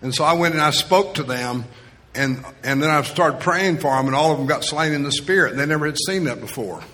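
A man's voice: on the high side, fairly quick, pushed and bright. A male pastor preaching a sermon as a personal story, in a storytelling style that acts out the quoted voices. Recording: reverberant hall.

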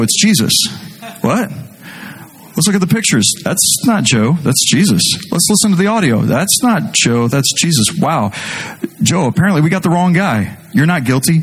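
A middle-aged man preaching a sermon as pastor, animated and jokey, speaking directly to his congregation. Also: a little high, breathy edge.

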